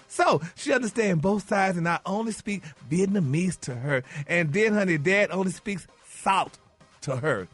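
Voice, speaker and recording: A man's voice: sits high, a bit bright. A man co-hosting a morning radio show, chatting flamboyantly and calling everyone "honey.". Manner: flamboyant, sprinkles "honey" and "y'all". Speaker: co-host, gossip segment. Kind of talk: casual morning radio chat.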